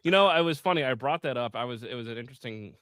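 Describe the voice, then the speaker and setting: Bright, blunt swearing man. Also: medium pitch, lively intonation, rapid-fire, clean tone. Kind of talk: casual chat.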